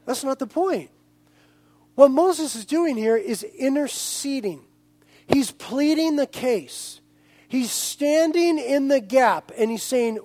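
A male pastor preaches a sermon and speaks directly to his listeners in an animated way. His voice sits very high for a man. The sound is dry and close, with no echo. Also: slow pace. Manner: animated, addresses the congregation directly.

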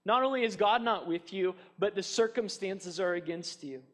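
A man preaching a sermon, animated and chatty, acting out taunts with fillers and restarts. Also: high voice, moderate pace, big-room sound. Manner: animated, mocks enemies' taunts in a raised voice. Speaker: pastor.

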